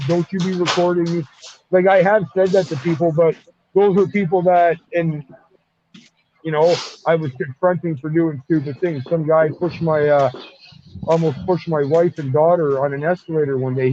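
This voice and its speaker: A man's voice: on the high side, a little hiss or hum. A man guest in a casual online chat, telling a long story with a lot of swearing and rambling. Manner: rambling, profane, animated retelling. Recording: dull lo-fi audio.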